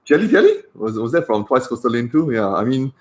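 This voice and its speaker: A man's voice: medium pitch, a little fast. A man, a doctor chatting casually on a livestream with lots of fillers. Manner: chatty and rambling, with many fillers.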